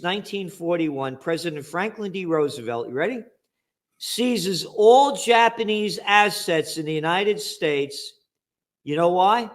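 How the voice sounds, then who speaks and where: Guy hosting a political talk show, highish voice, sarcastic, fired up. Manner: sarcastic, animated, reads aloud and mocks the text. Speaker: show host.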